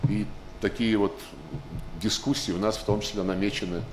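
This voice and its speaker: A man speaking at a press conference in measured phrases with frequent hesitations. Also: fairly low pitch, fairly even intonation, a little mellow, a little hiss or hum. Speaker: visiting foreign minister. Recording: echoey room with faint ambience.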